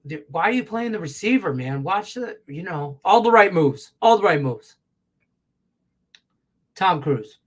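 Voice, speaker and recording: A man hosting a live sports betting show, reacting to the game with profane, excitable commentary that swings from loud rants to low mutters. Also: slightly rough.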